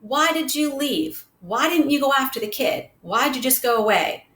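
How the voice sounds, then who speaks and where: A tough street kid with a swaggering, slangy way of talking, bragging and teasing in a bright, high voice, as a woman puts him on. The reading rings in a roomy space. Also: animated, moderate pace. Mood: brash. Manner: slangy, boastful. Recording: roomy echo.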